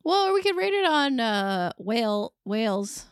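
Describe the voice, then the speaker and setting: Female podcast co-host, curious and easygoing, quick laughs, dry close-miked sound. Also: a little high, big pitch swings, clear, resonant tone, no echo. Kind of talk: casual movie podcast chat.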